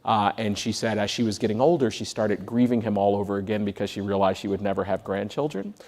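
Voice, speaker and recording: A man on a discussion panel who tells lively anecdotes, often restarting his sentences. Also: fairly low pitch, fast talker. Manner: animated anecdotes with frequent restarts. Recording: reverberant hall.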